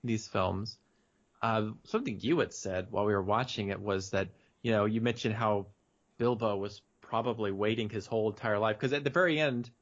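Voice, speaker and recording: A man's voice: lowish voice, normal speed, dull audio. A young man co-hosting a podcast, talking casually and hesitantly, full of ums and restarts. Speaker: podcast co-host. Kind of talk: casual chat.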